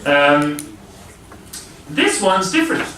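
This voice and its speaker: A man's voice: fairly high pitch, very animated, takes it slowly, bright, forceful tone. Male university lecturer, step-by-step explainer, recorded at a distance, with noise behind. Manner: explaining step by step, asking the class questions. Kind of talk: classroom lecture. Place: lecture hall. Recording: distant voice in a noisy, echoey lecture hall.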